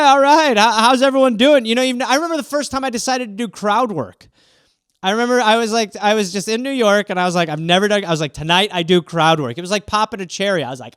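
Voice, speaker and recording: A man hosting a comedy podcast, riffing casually in an animated way, swearing and slipping into quick voices. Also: high voice, smooth, no echo, clean studio sound.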